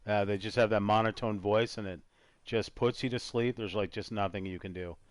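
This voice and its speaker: A man's voice: fairly low pitch, steady tone, a little fast, no room sound. A man hosting a casual gaming talk show, rambling and trailing off as he talks. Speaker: podcast host. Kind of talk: casual chat while gaming.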